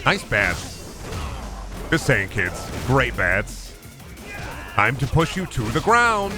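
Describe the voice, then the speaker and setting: A man's voice: medium pitch, very animated, takes it slowly, long pauses, over music. A man giving casual, joking gameplay commentary on a stream, sarcastic and profane.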